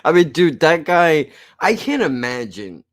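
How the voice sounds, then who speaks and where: A man with a New Jersey accent talks through a casual film review, rambling loosely and cursing as he goes. His voice sits a bit higher than most men's. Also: big pitch swings, a little slow. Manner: rambling, profane, laughs often. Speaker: film podcast co-host.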